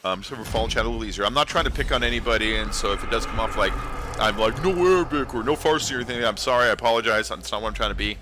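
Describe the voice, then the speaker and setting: A man's voice: lowish voice, steady tone, rapid-fire, noisy background. A man hosting a casual livestream, rambling and talking back to his chat. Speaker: livestream host.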